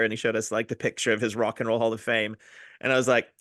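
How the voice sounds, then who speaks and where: A man's voice: medium pitch, steady tone, fast, a bit bright, dry recording, studio quality. A man, a comedian hosting a podcast, telling crude jokey stories. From New Zealand. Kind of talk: casual chat.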